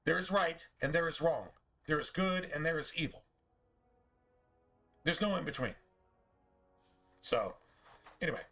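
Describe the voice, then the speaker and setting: A man's voice: a little high, expressive, measured pace, pauses often, fairly bright tone, faint music behind. A man streaming a game, talking in a casual, profane, preachy rant full of rhetorical questions.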